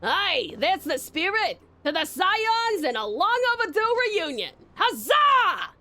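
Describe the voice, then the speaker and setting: A woman voicing a burly, boisterous giant man in a video game, with a put-on New York mobster accent and a loud, hearty delivery. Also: a little high, expressive, moderate pace, no room sound.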